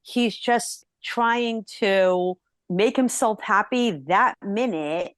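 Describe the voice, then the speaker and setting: Animated woman co-hosting a podcast, dry sound. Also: mid-range voice, no room sound. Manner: animated, acts out characters' thoughts in quick asides. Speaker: podcast co-host. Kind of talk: casual film discussion.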